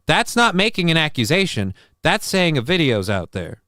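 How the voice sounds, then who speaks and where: Reading his chat aloud on a casual live stream, this man sounds a little high-pitched, very animated, pushed and bright. He talks at a moderate pace with hardly any pauses, defensively rambling through his replies, cursing offhandedly, his voice sometimes cracking, in studio-quality audio with no room sound.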